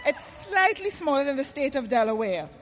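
A woman's voice: high-pitched, big pitch swings, background noise. Woman speaking in an arena. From Trinidad and Tobago. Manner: earnest, slows down to stress key words. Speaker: conference speaker. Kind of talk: stage address on faith and creation care. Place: huge arena before a crowd of thousands. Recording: long reverb of a large arena.

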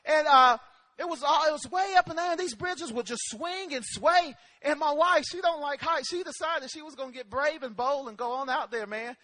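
A man's voice: very high-pitched, normal speed, pushed and bright, no room sound. A man preaching a sermon, telling a personal story with emphasis and calling out amen to the congregation.

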